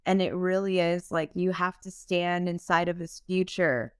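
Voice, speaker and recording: A woman's voice: on the low side, steady tone, normal speed, smooth, no room sound, studio quality. A young woman, a singer-songwriter, telling her story as an interview guest in an earnest, emotional way, laughing often. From United States. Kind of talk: candid podcast interview.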